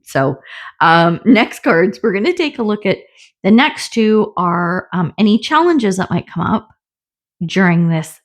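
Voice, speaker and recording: A woman's voice: medium pitch, big pitch swings, measured pace. A middle-aged woman giving a casual tarot reading, chatty and often laughing, with the odd swear word. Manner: chatty, laughing, swears, acts out little voices. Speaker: tarot reader.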